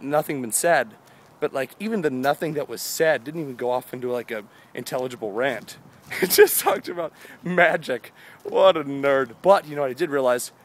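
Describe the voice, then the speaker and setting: A tired young man in his twenties rambling goofily through a daily vlog outdoors, holding the camera himself. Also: fairly high pitch. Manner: goofy, rambling, jumps between silly voices and mumbles. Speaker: vlogger.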